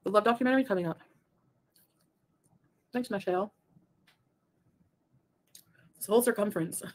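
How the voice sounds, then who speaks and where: A woman's voice: medium pitch, moderate pace, a little mellow. A woman co-hosting a casual livestream, reading chat messages with sarcastic remarks and frequent laughter. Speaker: livestream co-host.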